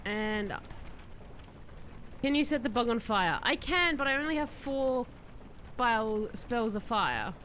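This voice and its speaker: A woman streaming a game, possibly, chatting excitedly and answering her chat as she plays. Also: a little high, slow, pauses often, a little hiss or hum. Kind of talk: live-stream gameplay chat.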